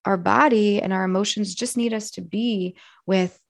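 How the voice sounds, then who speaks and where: A hoarse woman who coaches clients, speaking slowly and earnestly in a reflective personal monologue. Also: mid-range voice, fairly even intonation, dry recording, studio quality. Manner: slow, soft and earnest. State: hoarse from yelling. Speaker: wellness coach.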